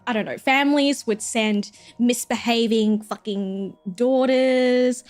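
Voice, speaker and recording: A woman's voice: fairly high pitch, fairly even intonation, slow pace, faint music behind. A young woman streamer chatting casually, rambling and giggling, swearing freely.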